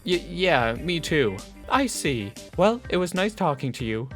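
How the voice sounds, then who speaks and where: Man voicing game characters, lively swooping pitch, playful reads. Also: unhurried, soft background music. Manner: animated, playful character reading. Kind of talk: casual voiced playthrough.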